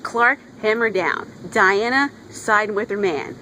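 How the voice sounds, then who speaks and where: A woman's voice: medium pitch, measured pace, pushed and bright, low-quality recording. Woman, casual comic reviewer, enthusiastic and chatty, outdoor recording with light background noise. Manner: gushing, chatty fan talk with playful voices for characters.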